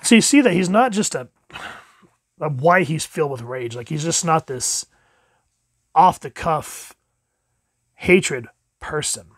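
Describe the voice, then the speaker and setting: A man's voice: lively intonation, takes it slowly, long pauses, no room sound, studio quality. A man casually reviewing a comic book at home, chatty and playing out the quotes. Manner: chatty, acts out quotes with jumps in pitch. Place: home room with dogs.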